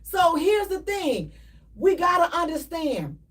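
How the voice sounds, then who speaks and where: High-voiced woman hosting live radio, preachy and loud at times, unhurried, kinda far off the mic. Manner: animated, preachy, repeats herself, sometimes shouting. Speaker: radio show host. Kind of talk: live call-in radio talk.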